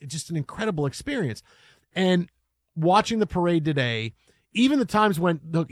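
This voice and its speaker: Rambling, emphatic sports talk host. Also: male voice, on the high side, dry recording, clean studio sound. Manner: rambling, emphatic, restarts a lot.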